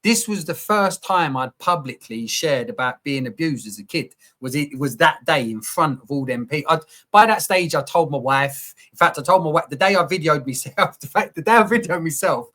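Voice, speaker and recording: Bloke on a podcast, fairly high voice, chatty and open, swears a bit, lots of slang. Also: male voice, lively intonation, moderate pace, few pauses, bright, forceful tone. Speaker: podcast guest, coach. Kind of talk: candid conversation.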